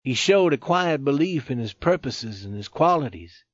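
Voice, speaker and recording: Male audiobook narrator, measured, dry dull lo-fi recording. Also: medium pitch, expressive, no room sound. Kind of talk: scripted narration.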